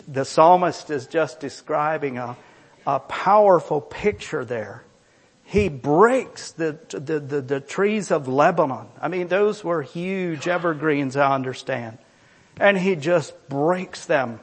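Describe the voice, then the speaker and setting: Male pastor, high voice, measured delivery; emphatic sermon with scripture reading. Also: breathy edge. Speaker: preacher.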